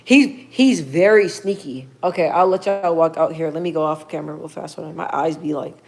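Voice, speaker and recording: A young woman chatting casually on a livestream, slangy and relaxed as she talks to her viewers and her dog. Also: sits low, fast, creaky. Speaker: livestream host.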